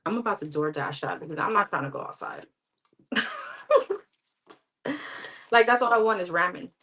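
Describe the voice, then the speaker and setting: A woman's voice: on the low side, expressive, moderate pace, bright, forceful tone, poor audio. Woman doing tarot on a livestream from home, chatty and blunt, calls everyone girl. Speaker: tarot reader. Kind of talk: live tarot reading stream.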